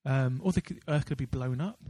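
A man's voice: medium pitch, fairly quick, mellow, breathy edge, no room sound. A man co-hosting a podcast in casual chat, rambling with many fillers and restarts. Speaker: podcast co-host.

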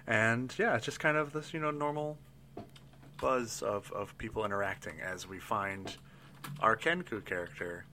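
A man narrating as game master, describing the scene in a relaxed, loose way with many fillers. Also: on the low side, moderate pace, a little hiss or hum.

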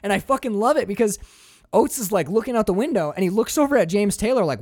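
A man hosting a casual chat about a film, excitable and swearing freely as he acts out scenes. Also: high voice, fast, dry recording, studio quality.

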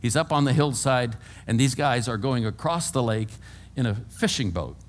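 A man around eighty from California, preaching a sermon to his congregation with folksy, humorous storytelling that swings between hushed and loud. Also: medium pitch, lively intonation, moderate pace. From California, USA. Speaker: pastor. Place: church before a congregation.

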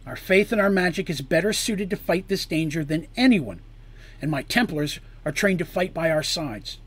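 Male reader doing stern priestess queen, commanding, a bit higher than his own voice. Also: brisk, husky. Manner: forceful, commanding.

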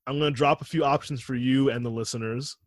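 A man's voice: mid-range voice, fairly even intonation, fast, no room sound, clean studio sound. A man co-hosting a podcast, laid-back and laughing often as he steers the conversation. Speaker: podcast co-host. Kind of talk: casual chat.

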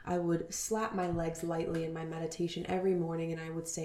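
A woman in her thirties hosting a spiritual podcast, talking earnestly and dropping into soft whispers. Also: sits low, level tone, a little fast, few pauses, roomy sound. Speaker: podcast host.

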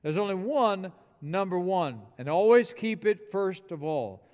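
High-voiced emphatic preacher in an echoing hall. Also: male voice, animated, a little slow, darkish tone. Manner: emphatic preaching with call-and-response. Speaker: pastor. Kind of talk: sermon. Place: church building.

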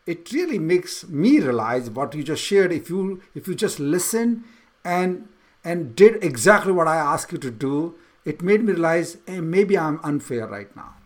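A middle-aged man with a fairly high voice talks things through with his son. He speaks haltingly, restarting his sentences and filling pauses with "uh" and "um" as he searches for his words. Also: big pitch swings. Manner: halting, many restarts and fillers. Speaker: father, podcast co-host. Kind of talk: casual conversation with his son.

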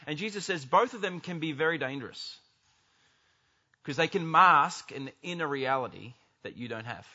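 A pastor preaches with a bright, forceful, fairly high voice. He is animated and jumps into quoted lines as he goes, and the recording sounds a bit dull and lo-fi. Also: normal speed. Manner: animated, acts out quoted speech. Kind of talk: sermon.

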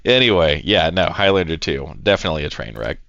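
A sarcastic man with a bright, sharp voice that swings up and down with exasperation. The recording is dull and lo-fi, with a dry sound. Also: low-pitched, very animated, fast talker, vocal fry, no room sound. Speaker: podcast co-host. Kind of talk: casual chat.

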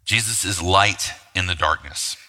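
A man's voice: sits low, a little slow, bright, forceful tone. A man preaching a sermon as pastor, talking conversationally with rhetorical asides and frequent fillers. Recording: long hall reverb.

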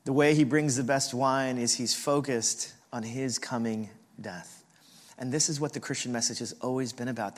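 Male pastor, mid-range voice, lively storytelling sermon, hall reverb. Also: medium pitch. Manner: animated storyteller who acts out family voices.

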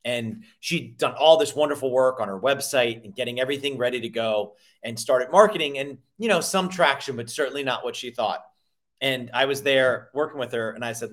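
A man with a mid-range voice speaks a little fast in an interview about his work as a sales coach. He tells stories with lots of energy, repeating words, restarting sentences, and voicing the people he quotes in lively impressions.

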